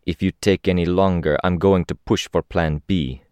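A man's voice: low voice, fairly even intonation, moderate pace, darkish tone, clean tone, no room sound, close to an everyday voice. A man voicing a hulking, impatient masked man who talks in a growl. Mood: impatient, gruff.

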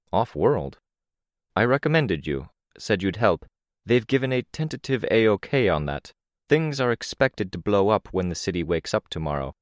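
A man reading an audiobook, voicing a worried young woman hero who talks in an urgent, hurried way. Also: sits low, no room sound, clean studio sound. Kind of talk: audiobook character voice.

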